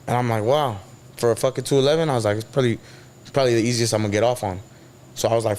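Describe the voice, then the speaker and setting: A man's voice: on the low side, quick pace, a little mellow, smooth. Slangy man telling a story. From San Diego. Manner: slangy, swears often, acts out quotes. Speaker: guest. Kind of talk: casual storytelling in an interview.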